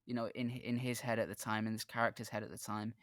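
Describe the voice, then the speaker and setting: Halting, earnest male podcast host. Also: on the low side, level tone, fairly bright tone, no room sound, studio quality. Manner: earnest, halting storyteller with many restarts. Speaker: podcast host and dungeon master. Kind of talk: casual podcast chat.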